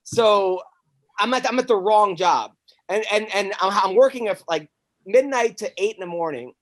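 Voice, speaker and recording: A man, a stand-up comic hosting a podcast, tells a long, rambling story in casual chat, animated and profane, often stammering and restarting his sentences. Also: sits high, moderate pace.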